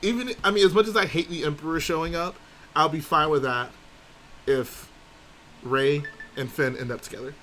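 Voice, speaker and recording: A male livestream host with a slightly high, bright, forceful voice speaks at normal speed over a little hiss or hum. He chats casually, reading viewer comments aloud and answering them.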